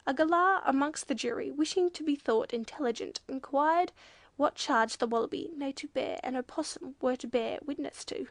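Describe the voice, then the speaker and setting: A woman narrating a children's storybook, lively and playful, changing her voice for the animals. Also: normal speed, dry recording. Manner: lively, shifts pitch for quoted animals. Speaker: audiobook narrator.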